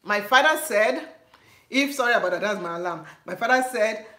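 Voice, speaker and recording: A woman with a Nigerian accent telling a story on her vlog in an animated, laughing way. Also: medium pitch, normal speed. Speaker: vlogger. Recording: echoey room.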